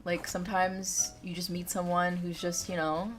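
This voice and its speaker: A woman's voice: fairly low pitch, flat delivery, moderate pace, faint music behind. A woman live-streaming a game from home, chatting and giggling as she talks straight to her chat. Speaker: livestreamer.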